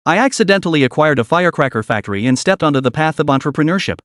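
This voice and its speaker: A man doing a calm, shameless young man. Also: on the high side, very fast, dry recording, clean studio sound. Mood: deadpan.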